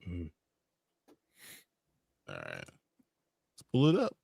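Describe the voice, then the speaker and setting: A man's voice: low-pitched, wildly swooping pitch, extremely slow, gravelly, warm tone, slightly rough, no room sound. A man co-hosting a casual movie talk show, laid-back and laughing often. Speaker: podcast co-host. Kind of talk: casual chat.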